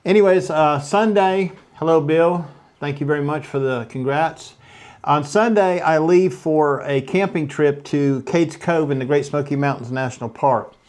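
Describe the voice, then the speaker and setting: A man's voice: on the high side, a little mellow. An older man from East Tennessee with a Southern American accent, hosting a casual live stream from his home studio in a folksy, rambling way. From East Tennessee, USA. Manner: folksy, rambling, unhurried asides.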